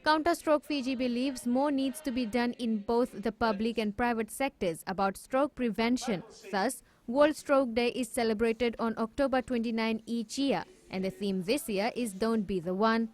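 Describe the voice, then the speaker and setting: A woman news reporter reading a scripted voice-over in a clear, even way. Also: a little high, normal speed, hardly any pauses.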